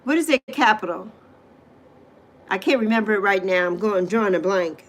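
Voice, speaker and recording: A woman's voice: medium pitch, animated, moderate pace. A middle-aged woman, hosting a casual livestream, chatting animatedly and reacting to viewer comments with emphatic exclamations. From U.S. Virgin Islands. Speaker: livestream host.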